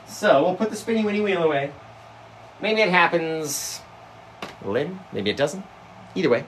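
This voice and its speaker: A man's voice: a little high, expressive, normal speed, a bit bright, slight background noise. A man hosting a painting livestream, chatting casually and rambling, often trailing off into mumbles.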